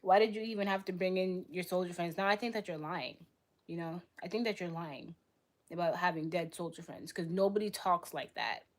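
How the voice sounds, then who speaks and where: Blunt young woman arguing on a livestream. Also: fairly low pitch. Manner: blunt, argumentative, rapid-fire retorts. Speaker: livestream host. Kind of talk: live stream debate reading chat.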